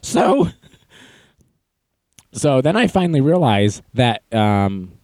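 A young man hosting a podcast, telling stories in a casual, self-mocking way and acting out quotes in a high voice. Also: sing-song, slow, darkish tone, no room sound. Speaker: podcast host. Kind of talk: casual storytelling monologue.

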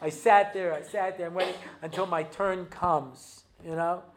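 Speaking at normal speed in a high, steady voice over a noisy background, an American man addresses an audience as a rabbi. His talk is a funny lecture of acted-out anecdotes from his life, loosely delivered with asides, fillers, and jokes, and he drops into Hebrew while playing out scenes.

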